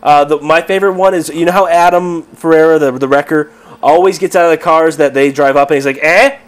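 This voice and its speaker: A man's voice: on the high side, fairly even intonation, fast talker. Rambling young man co-hosting a chat show. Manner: rambling, laughs often, acts out quotes. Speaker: co-host. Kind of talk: casual chat.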